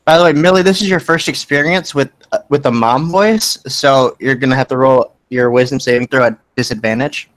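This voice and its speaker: A man's voice: mid-range voice, a little fast, hardly any pauses, no room sound, rough recording. A man running a tabletop game as game master, narrating the scene playfully. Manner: animated, playful narration with laughs.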